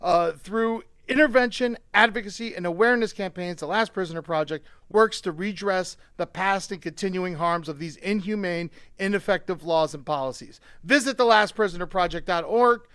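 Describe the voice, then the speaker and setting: A man hosting a live-streamed comedy show, swearing freely and swinging between quiet asides and excited shouting. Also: sits high, moderate pace, few pauses, clear, resonant tone, dry recording, clean studio sound. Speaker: show host.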